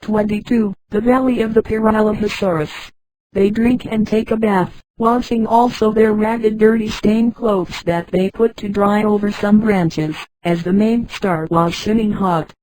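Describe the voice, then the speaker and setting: A woman's synthetic voice reading a story aloud, flat and even, speaking punctuation marks as words. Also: mid-range voice, measured pace, dry recording, rough recording. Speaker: audiobook narrator. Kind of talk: scripted narration.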